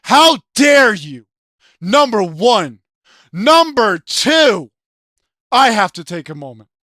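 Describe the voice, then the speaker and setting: A video game commentator in an angry, profane rant, yelling often, with a throat sore from shouting. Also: mid-range voice, sing-song, slow pace, no echo, studio quality.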